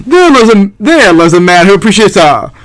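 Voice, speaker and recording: A man voicing a pushy male traveling salesman in a video game, delivering a hammy sales pitch. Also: big pitch swings, unhurried, a bit bright, no echo, exaggerated voice, low-quality recording. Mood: boastful.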